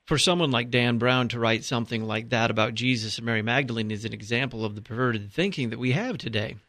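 A man hosting a radio call-in show from the studio, with clear, measured announcing. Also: medium pitch, fairly bright tone, dry recording. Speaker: radio talk show host. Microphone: studio microphone.

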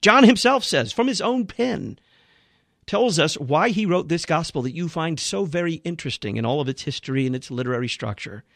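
A man's voice: fairly high pitch, expressive, fairly quick, gravelly, fairly bright tone, dry recording, studio quality. A man hosting a radio program, critiquing a sermon he has just played in an emphatic, preaching manner.

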